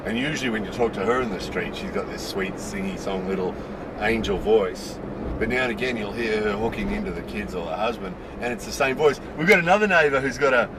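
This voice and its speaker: A man's voice: mid-range voice, expressive, quick pace, hardly any pauses, heavy background noise. A man vlogging casually to camera about life in Japan, stressing points by repeating his words.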